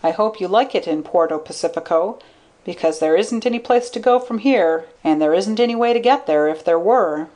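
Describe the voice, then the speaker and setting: A woman voicing a shrewd, thoughtful man who speaks in a calm, measured way. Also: fairly low pitch, natural voice.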